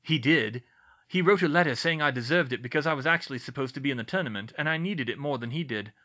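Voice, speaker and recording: A man's voice: medium pitch, quick pace, sharp tone, natural voice. A man voicing a weary, injured but friendly young man in an audiobook reading.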